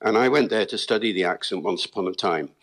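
A man, a linguist guest, explaining accents in a lively storytelling manner with the odd chuckle. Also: fairly low pitch, fast. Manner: lively storytelling, chuckles, talks to listeners as folks. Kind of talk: explanatory interview talk.

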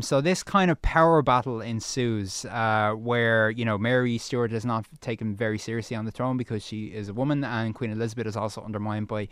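Male radio film reviewer, chatty with asides; smooth, dry close mic. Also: mid-range voice, no room sound. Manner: chatty, many ums and asides.

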